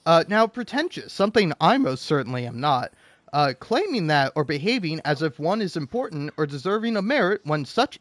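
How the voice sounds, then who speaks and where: A man's voice: on the high side, no room sound. Profane, rambling young man ranting. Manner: profane, animated, rambling with restarts. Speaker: streamer reading comments. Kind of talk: casual rant while playing a game.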